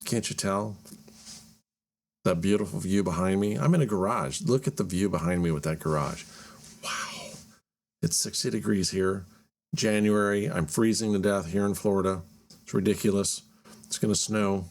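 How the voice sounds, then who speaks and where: A man's voice: deep voice, moderate pace. A man hosting his own show, talking casually and rambling in a chatty, self-deprecating way from a cold home garage. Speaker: podcast host. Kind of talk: casual solo talk.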